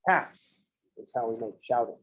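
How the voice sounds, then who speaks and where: A male math instructor with a mid-range, somewhat bright voice gives a casual classroom lecture at normal speed, drifting into joking asides before returning to the lesson. The audio quality is poor.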